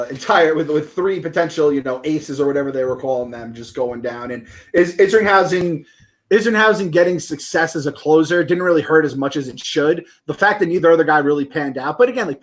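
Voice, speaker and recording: A young man with a slightly raised pitch co-hosts a sports podcast. He chats animatedly and stumbles over his restarts. He swears casually along the way. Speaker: podcast co-host.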